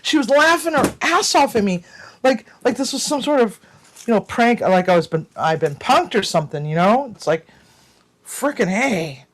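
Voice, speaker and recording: Cooking-channel host for a casual vlog: mid-pitched, chatty, rambling delivery full of restarts and mild cursing. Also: expressive, normal speed. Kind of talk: casual storytelling to viewers.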